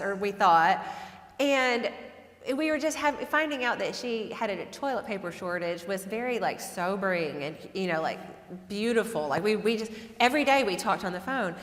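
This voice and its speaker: A woman telling a personal story in a relaxed, self-deprecating lecture style, laughing often. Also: mid-range voice, normal speed. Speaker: guest lecturer and author. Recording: echoey hall reverb.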